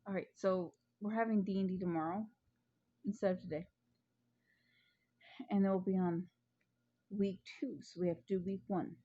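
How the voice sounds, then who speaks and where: A woman's voice: medium pitch, steady tone, moderate pace, pauses often, breathy edge, muffled recording. A woman vlogger telling a funny story in casual chat at home, chatty and prone to giggling.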